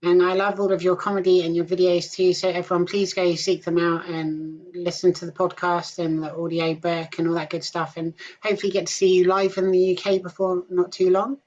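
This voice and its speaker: A woman's voice: fairly low pitch, flat delivery, a little fast, hardly any pauses, a little mellow. A woman from the UK hosting an interview show, friendly and upbeat as she asks her questions. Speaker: show host. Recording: dull lo-fi sound.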